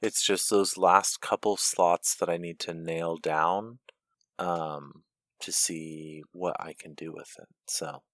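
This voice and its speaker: A man co-hosting a podcast in casual gaming chat, easygoing and quick to agree. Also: low-pitched, steady tone, fairly bright tone, no room sound. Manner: easygoing, short agreeing replies. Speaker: podcast co-host.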